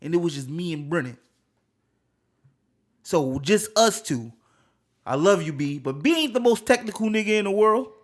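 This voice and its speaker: Young male co-host, relaxed banter, lively pitch, slightly high voice. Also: moderate pace, pauses often. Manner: animated, laughs and breaks into loud bits. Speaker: podcast co-host. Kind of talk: casual chat.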